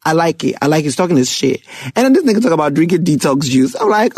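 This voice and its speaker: A young man giving casual, excitable commentary on songs, laughing often and rapping lyrics aloud. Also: a little high, fast, husky, dry recording. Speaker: music reviewer. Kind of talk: casual music reaction commentary.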